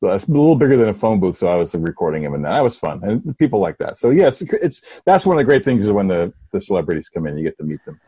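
A middle-aged man, a comedy writer, telling an anecdote in a lively, halting way full of restarts over a video call. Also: on the low side, husky, dry recording, clean studio sound. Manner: animated, halting storyteller with many restarts. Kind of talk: casual storytelling.

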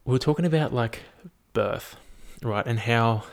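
A man's voice: medium pitch, measured pace, gravelly. A young man, musing aloud in a casual, profane monologue full of fillers. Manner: profane, animated, thinks aloud with many fillers.

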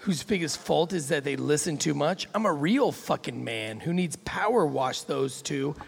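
A man voicing a crude, boastful macho man who narrates his own love scene, reading it in a lower, coarser voice than his own. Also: expressive, moderate pace, gravelly, breathy edge, full character voice. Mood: scornful. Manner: coarse swaggering first-person reading. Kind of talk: comic reading of a novel excerpt.

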